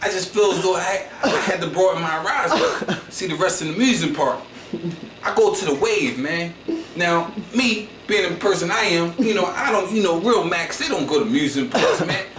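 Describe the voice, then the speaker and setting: A male comedian from Philadelphia, his voice high and fairly bright, tells a funny story in an animated way at a moderate pace. The monologue is slangy and boastful, meandering with endless "you know what I'm saying." Sound is echoey and distant, with slight noise.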